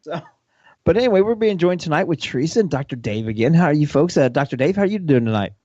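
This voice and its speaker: A man's voice: fairly high pitch, expressive, quick pace, darkish tone, no room sound. A man from Ohio co-hosting a radio show, joking and laughing through casual chat. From Ohio, USA. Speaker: co-host. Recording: slightly muffled dry sound.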